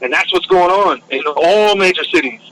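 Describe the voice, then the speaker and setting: A man's voice: sits high, normal speed, pushed and bright, a little hiss or hum, rough recording. A man in a casual podcast chat, talking in a heated, profane, emphatic way.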